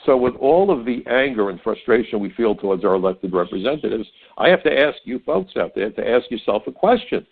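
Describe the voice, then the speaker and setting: A man's voice: medium pitch, animated, a little fast, creaky, hardly any pauses, breathy edge. An older man hosting a talk radio show, telling stories in a folksy, opinionated way and often stammering on repeated words. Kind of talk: conservative talk radio monologue. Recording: narrow phone-like radio sound.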